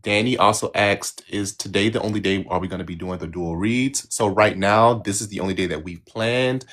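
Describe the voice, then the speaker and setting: Man, low pitch, live-stream co-host, casual chat, agreeable, reflective, rambling. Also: brisk, a bit bright. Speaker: medium co-hosting a live reading stream.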